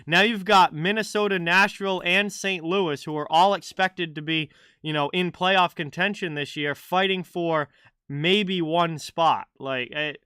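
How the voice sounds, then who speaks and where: A man hosts a live hockey chat stream, talking casually and answering his viewers by name. His voice is bright and crisp, a touch higher than most men's. It is recorded close on a dry mic with no room sound. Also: fairly even intonation, a little slow, dry recording. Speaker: livestream hockey host.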